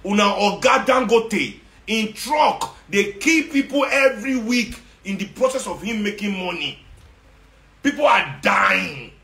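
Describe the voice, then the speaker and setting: A man's voice: high voice, lively intonation, measured pace, a bit bright. Nigerian man ranting in an echoey room. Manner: ranting, sarcastic, mixes Nigerian Pidgin. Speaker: social media commentator. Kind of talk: impassioned monologue.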